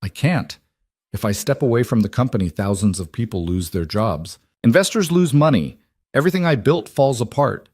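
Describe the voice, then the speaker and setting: A man's voice: medium pitch, sing-song, moderate pace, darkish tone, no echo. Worn-out woman boss, strained and pleading, dry close sound , read by a man. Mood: weary. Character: weary exhausted woman executive.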